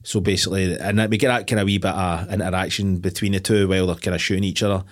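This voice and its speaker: A man's voice: low-pitched, fairly even intonation, fast talker. A Scottish man co-hosting a film podcast, talking casually, rambling and swearing freely as he retells scenes. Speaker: podcast co-host.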